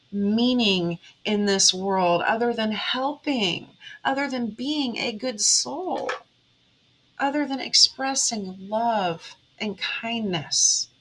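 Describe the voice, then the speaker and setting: A woman's voice: on the high side, fairly bright tone, a little hiss or hum, low-quality recording. A woman, a tarot reader giving an earnest, emotional motivational monologue straight to her viewers. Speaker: tarot reader and spiritual vlogger.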